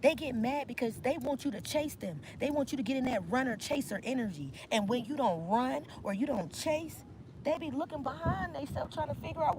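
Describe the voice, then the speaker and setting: A woman reads tarot outdoors in a casual monologue, her voice pitched high. She talks in an emphatic, slangy way and piles up repeated affirmations. Clear background noise and passing vehicles sit under the voice. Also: lively intonation, normal speed. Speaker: tarot reader. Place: outdoors in nature.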